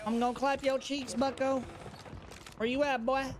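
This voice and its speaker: A high-pitched man taunts opponents over live gameplay, swaggering and mock-menacing as he repeats his lines. Game sounds and ambience run clearly behind his voice. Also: flat delivery, moderate pace, noisy background. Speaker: streamer. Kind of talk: trash-talking gameplay commentary.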